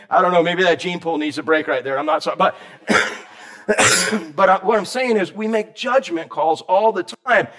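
A man preaching a sermon in church, animated, calling on members of the congregation by name and shouting for emphasis. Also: high voice. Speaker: pastor. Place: church sanctuary.

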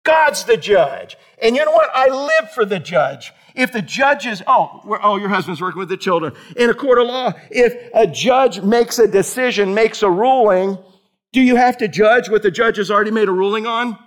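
A man preaching a sermon in church, animated, calling on members of the congregation by name and shouting for emphasis. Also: high voice, normal speed. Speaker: pastor. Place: church sanctuary.

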